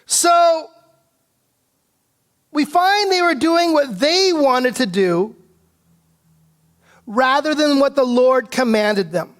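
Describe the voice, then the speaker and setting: A male pastor from the Pacific Northwest preaching a conversational sermon. He often asks "right?" and now and then clears his throat. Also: very high voice, slow pace, long pauses, fairly bright tone. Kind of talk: expository sermon. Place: church sanctuary.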